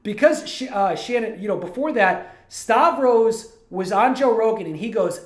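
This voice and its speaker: A man's voice: high-pitched, expressive, moderate pace, few pauses. Rambling man on a roomy livestream. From Toledo, Ohio. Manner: rambling, digressive storytelling. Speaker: streamer and animator. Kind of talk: casual livestream chat. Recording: roomy echo.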